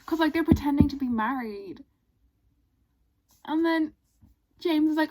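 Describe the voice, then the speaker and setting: A woman chatting casually in a book vlog, excitable and gushing, with exasperated asides. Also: high-pitched, measured pace, long pauses, rough recording. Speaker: book vlogger.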